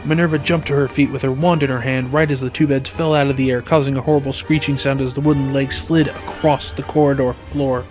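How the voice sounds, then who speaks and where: A man reading a fan fiction story aloud in measured storytelling narration. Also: mid-range voice, fairly even intonation, over music. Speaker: story reader.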